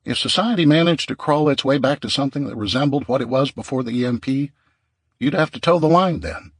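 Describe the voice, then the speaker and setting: A man's voice: medium pitch, a little fast, no echo, clean studio sound, voice pushed up, lightly acted. A man voicing a weary, argumentative male survivor who presses his point in an audiobook. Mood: pressing.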